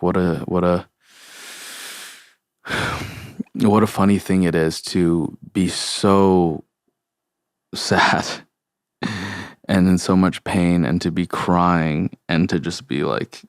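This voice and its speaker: A young man hosting a solo podcast, talking slowly and haltingly about grief, searching for words with many pauses and fillers. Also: deep voice, fairly even intonation, smooth, dry recording, studio quality. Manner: sincere, open about grief. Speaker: podcast host. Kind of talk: reflective solo podcast talk.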